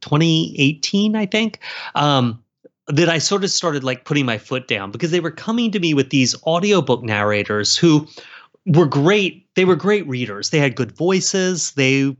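A man from South Carolina, a guest author chatting in an interview, rambling and animated with lots of fillers and restarts. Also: a little high, moderate pace. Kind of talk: casual interview chat. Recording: slightly dull lo-fi sound.

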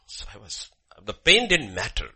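A man preaching a sermon with a personal story, swinging from loud emphasis to hushed murmurs. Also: medium pitch, wildly swooping pitch, normal speed, breathy edge. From Bhutan.

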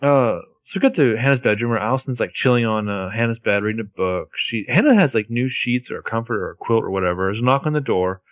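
A man's voice: medium pitch, lively intonation, quick pace, hardly any pauses, dry recording. A man with a mid-range voice narrates an episode's plot in loose, jokey casual chat. He rambles and tosses in wisecracks. The recording is dry and close. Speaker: podcast co-host.

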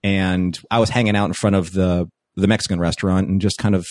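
A man telling a story as a podcast guest in casual chat, animated, acting out quoted lines. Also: low-pitched, brisk, dry recording, studio quality. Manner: animated, excitable anecdote-telling with acted-out quotes.

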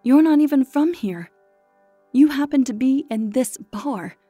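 A woman's voice: high-pitched, lively intonation, a little slow, warm tone, slightly rough, no echo, faint music behind, pitched above the performer's own voice, full character voice. A woman narrator voicing a grieving young woman who urgently presses for help. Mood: pleading.

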